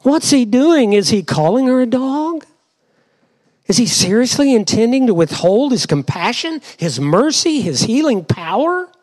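Male pastor with a high, animated voice and slow, deliberate delivery; dramatic sermon style that keeps questioning the congregation. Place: church before a congregation.

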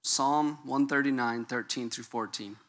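A man's voice: medium pitch, a little slow, fairly bright tone. A middle-aged man preaching a conversational sermon as a pastor. He jokes and keeps checking in with the listeners. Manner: casual and joking, checks in with the audience.

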